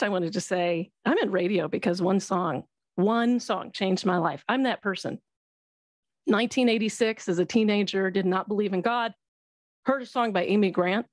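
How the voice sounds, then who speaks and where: A woman's voice: medium pitch, no echo, clean studio sound. A middle-aged woman, a Christian radio host, sharing a heartfelt personal testimony on a webinar. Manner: earnest, heartfelt storytelling.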